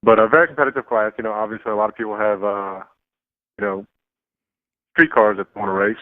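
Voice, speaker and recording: Phone-in guest, male, relaxed and plain-spoken, tinny line. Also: fairly low pitch, fairly quick, dry recording. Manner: relaxed, explains plainly with fillers. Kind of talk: casual phone interview.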